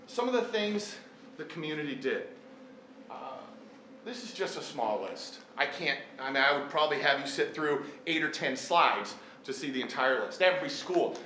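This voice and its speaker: A middle-aged man speaks to a live audience, telling an earnest story with self-deprecating jokes. His voice sits a little high and sounds bright and forceful. The recording is roomy and echoey, with a faint hum in the background. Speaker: teacher and event speaker. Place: large echoey hall. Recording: echoey hall, faint room noise.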